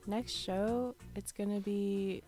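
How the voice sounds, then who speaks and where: Deadpan woman DJ guest. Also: slow pace, gravelly. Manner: dry, low-key, deadpan. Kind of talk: casual radio interview. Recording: studio radio with music bed.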